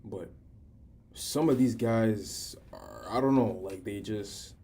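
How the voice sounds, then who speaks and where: A man's voice: lowish voice, takes it slowly, warm tone, breathy edge. A teenage guy in casual chat, talking candidly and rambling with frequent restarts. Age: teens.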